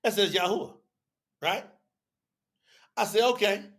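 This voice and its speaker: A man's voice: high-pitched, measured pace, fairly bright tone. A man teaching a live audience on a religious telethon, chatty and repetitive, acting out both sides of an argument as he explains.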